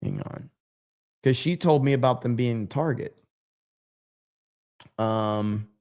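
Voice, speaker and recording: A man's voice: medium pitch, slow pace, a little mellow. A man hosting a livestream, chatting casually and reading out viewer comments in a loose, profane, rambling way. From United States. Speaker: livestream host.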